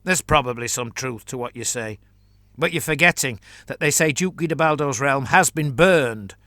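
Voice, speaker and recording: Man playing a gloomy, thorough chancellor; earnest, crisp, dry sound. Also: mid-range voice, moderate pace, pushed and bright, dry recording. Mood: methodical. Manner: earnest, methodical, pessimistic.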